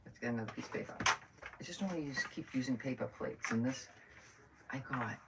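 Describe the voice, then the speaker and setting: A woman's voice: rumbling low, fairly quick, vocal fry, very noisy. A middle-aged woman hosting a live crafting stream, chatting and thinking aloud as she works. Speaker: craft host. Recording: distant from the mic.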